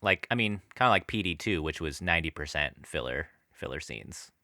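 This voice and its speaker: A man's voice: rumbling low, lively intonation, a little fast, sharp tone, no room sound, clean studio sound. A young man co-hosting a podcast in casual chat, rambling with fillers and restarts. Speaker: podcast co-host.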